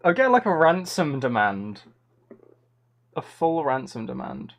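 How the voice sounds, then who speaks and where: A man's voice: on the high side, big pitch swings, measured pace. A man chatting casually on a live stream, answering chat in a playful, rambling, mock-dramatic way.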